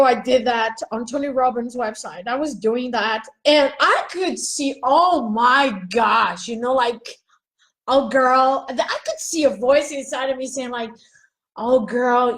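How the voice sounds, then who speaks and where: A woman's voice: high voice, unhurried, fairly bright tone, poor audio. A woman giving a raw, profane self-help monologue on a live video, questioning herself aloud.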